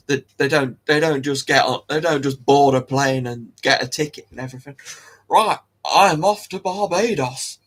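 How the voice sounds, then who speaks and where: A man's voice: medium pitch, a bit bright. A man hosting a casual solo talk, rambling and giggling with many restarts. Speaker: host. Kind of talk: casual solo talk about dog breeds.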